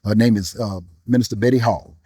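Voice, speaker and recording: A man in an interview speaks with grief about his loss, earnest and preacherly, repeating himself as he searches for words. His voice is warm and mellow, and the sound is dry and close. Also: lowish voice, steady tone, husky, no echo. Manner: earnest, preacherly, with pauses and repetitions. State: grieving. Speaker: guest musician and bishop. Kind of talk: emotional interview talk.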